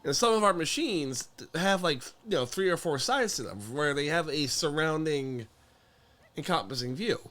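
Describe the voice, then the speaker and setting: A man's voice: on the high side, expressive, normal speed, fairly bright tone. A man chatting casually on a stream, rambling with plenty of fillers. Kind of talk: casual chat.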